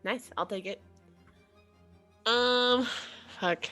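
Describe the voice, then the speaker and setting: A woman with a fairly high voice talks slowly and casually at a game table. She asks questions about the rules and curses freely. Soft music runs underneath. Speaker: player.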